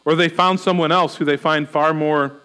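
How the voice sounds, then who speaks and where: A middle-aged male pastor with a noticeably high voice delivers a sermon. He speaks earnestly and voices anxious rhetorical questions as though thinking them aloud. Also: steady tone, normal speed, bright, forceful tone, clean tone.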